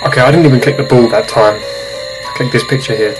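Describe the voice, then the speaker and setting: A man's voice: medium pitch, brisk, poor audio. A man hosting a let's-play, making jokes and jumpy reactions while playing a horror game. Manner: jokey, jumpy reactions to scares. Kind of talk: casual gameplay commentary. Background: horror game music.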